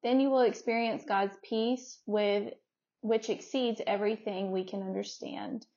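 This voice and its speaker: A woman guest on a podcast reading a scripture passage quietly and softly. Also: medium pitch, fairly even intonation, measured pace. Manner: soft, quiet reading, brief agreeing replies. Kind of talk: casual chat and scripture reading. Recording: slightly dull lo-fi sound.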